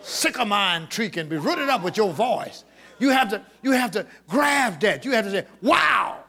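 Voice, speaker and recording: Shouting, gravelly high-voiced preacher. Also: male voice, big pitch swings, normal speed. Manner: shouting, call-and-response, repeating words. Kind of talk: sermon. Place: church with congregation.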